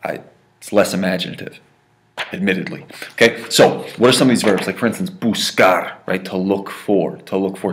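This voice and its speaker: Male language teacher, lowish voice, playful lesson delivery, keeps tagging points with "right?". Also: a bit bright. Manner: playful, jokey, checks in with "right?" and "okay?" constantly. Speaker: Spanish teacher. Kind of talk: recorded classroom lesson.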